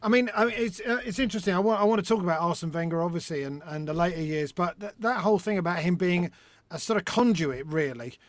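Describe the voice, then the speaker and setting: A man with a high-pitched voice hosts an interview, asking his questions with halting starts. The recording is dry with no room sound. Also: no room sound. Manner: questioning, hesitant openings. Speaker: podcast host. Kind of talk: casual interview talk.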